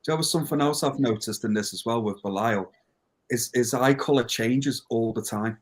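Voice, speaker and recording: A man in a casual movie-watching chat, making wry, jokey remarks. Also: medium pitch. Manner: wry, jokey, drops into quick impressions.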